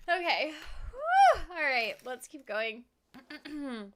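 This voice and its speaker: A woman's voice: sits high, expressive, slow, pushed and bright, a little hiss or hum. A young woman live-streaming a game in casual chat, teary and near crying, laughing and sighing between her words. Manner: emotional, tearful, laughing between sentences.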